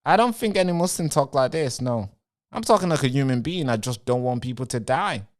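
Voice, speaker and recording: A man's voice: medium pitch, lively intonation, fairly quick. A man hosting a live stream, talking straight to his viewers in a rambling way and answering chat comments. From Britain.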